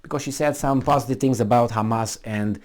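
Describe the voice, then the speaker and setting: A man's voice: medium pitch, fairly quick, a little mellow. A man speaking English as a second language, giving a blunt, rambling opinion monologue with frequent restarts and swearing. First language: not English. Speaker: commentator.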